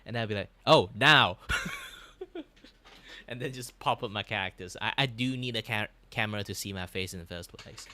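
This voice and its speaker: A young man from Malaysia with a Malaysian English accent, chatting casually on a livestream in an animated, rambling way, with many restarts and laughs. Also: fairly low pitch, fast talker, few pauses, dry recording. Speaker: VTuber streamer.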